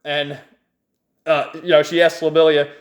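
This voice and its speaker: A man's voice: fairly high pitch, level tone, moderate pace. A man casually recapping a comic book page by page, enthusiastic and rambling, chuckling often. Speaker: manga reviewer.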